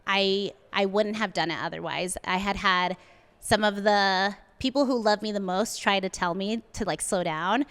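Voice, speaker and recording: A woman's voice: medium pitch, normal speed, a bit bright, smooth. A young adult woman, a guest on a podcast, telling a candid personal story and acting out the quotes with many fillers. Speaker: podcast guest, coffee shop founder.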